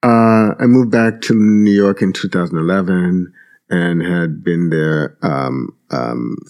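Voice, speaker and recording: A man's voice: sits low, slow pace, a little mellow. A man co-hosting a casual talk podcast, telling stories loosely with many fillers and restarts. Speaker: podcast co-host. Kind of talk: casual conversation.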